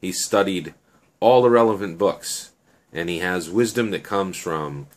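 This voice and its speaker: A man's voice: sits low, measured pace. A man voicing a proud young delivery guy who earnestly lectures about respect and his car, in a slightly raised voice. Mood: lecturing.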